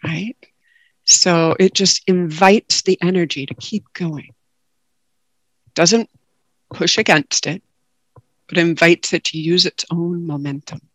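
A woman giving a calm, reflective dharma talk as a guest meditation teacher over a video call. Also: lowish voice, slow, long pauses, no echo.

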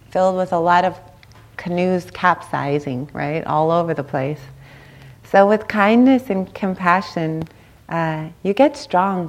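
A meditation teacher, a woman, giving a dharma talk at a meditation center, chatty and informal, often checking in with the listeners. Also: fairly low pitch. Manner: warm conversational, seeks agreement with "right?".

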